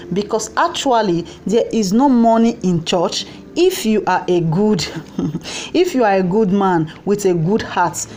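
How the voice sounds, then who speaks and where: A woman's voice: mid-range voice, dark tone, slight background noise. A woman speaking English with a Nigerian Pidgin accent, giving an opinion commentary in an impassioned, pleading way, often repeating her points.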